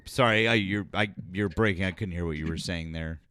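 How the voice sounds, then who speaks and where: A brisk man with a low-sitting voice runs a political livestream, thanking each donor in turn before getting blunt and profane with a caller. The sound is clean, with no echo.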